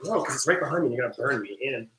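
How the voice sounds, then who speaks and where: A woman co-hosting a casual cooking livestream while washing dishes in a home kitchen, chatty and quick to laugh. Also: very deep voice, animated, fairly bright tone. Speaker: co-host. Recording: echoey kitchen, faint noise.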